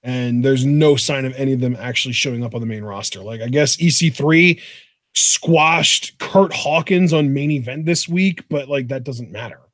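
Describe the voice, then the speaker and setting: A man co-hosting a show in casual chat, excitable and swearing freely. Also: mid-range voice, normal speed, no room sound, clean studio sound. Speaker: podcast co-host.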